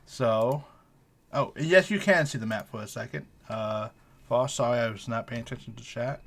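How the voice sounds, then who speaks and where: A man's voice: mid-range voice, moderate pace, vocal fry, a bit bright. A man running a streamed tabletop game as game master, chatty and joking.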